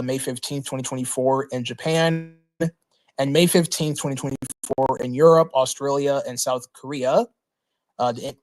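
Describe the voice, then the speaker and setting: Man hosting a halting livestream rundown. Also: medium pitch. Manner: halting, many fillers and restarts. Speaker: livestream host.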